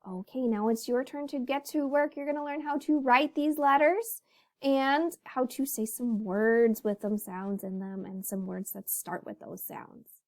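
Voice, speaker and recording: A woman teacher giving an animated phonics lesson to young children, telling the letters' stories and talking to them as boys and girls. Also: on the high side, unhurried.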